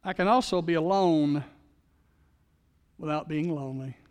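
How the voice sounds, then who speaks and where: Male pastor with a high voice, preaching with call-and-response in a large sanctuary, long reverb. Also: unhurried, clear, resonant tone. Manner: storytelling with call-and-response, leading the congregation in repeated phrases. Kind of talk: sermon.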